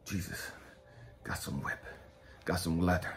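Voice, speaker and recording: A man preaching a blunt, profane street-style sermon, dropping to low mutters and rising to shouts. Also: fairly even intonation, unhurried. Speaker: spiritual coach and speaker.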